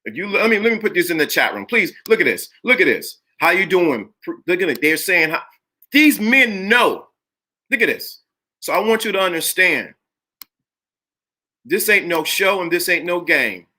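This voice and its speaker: Emphatic, bright-voiced livestream host man. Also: high-pitched, big pitch swings, normal speed. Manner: emphatic, preachy, repeats phrases for effect; greets chat viewers by name. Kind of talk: live-streamed talk show monologue.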